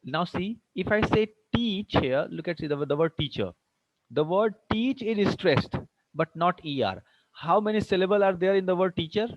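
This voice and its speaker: A man's voice: high voice, expressive, a little fast, lo-fi sound. A man with an Indian English accent teaching an English class online. He asks many questions, repeats himself, and mixes in Hindi phrases.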